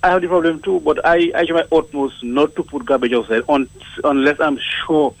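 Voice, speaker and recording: A man's voice: fairly high pitch, fairly even intonation, a little fast, no echo, poor audio. A man calling a radio show who lectures earnestly on handling garbage and repeats his points. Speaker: caller. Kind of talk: call-in comment.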